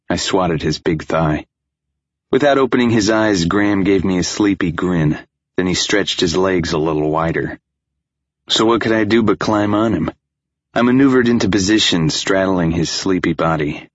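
A man narrating a first-person audiobook in a steady, intimate storytelling manner. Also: sits low, normal speed, no echo, dull audio.

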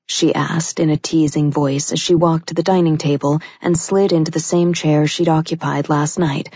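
A woman narrating a romance audiobook in a steady, intimate reading. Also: low-pitched, moderate pace, hardly any pauses, husky, no room sound. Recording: dull lo-fi recording.

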